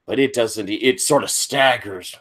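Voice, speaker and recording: A man with a bright, forceful voice leads a tabletop game as its master. He paints the action in loose, improvised descriptions and fills the gaps with easy fillers. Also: medium pitch, measured pace, husky.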